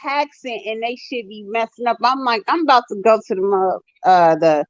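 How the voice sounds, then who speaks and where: A woman from Ohio with a high, bright-pitched voice tells stories with lots of profanity and animation. She is on a video call, and the audio comes through dull and lo-fi. The sound is close and dry. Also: normal speed, dry recording. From Dayton, Ohio. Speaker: co-host. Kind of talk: casual chat.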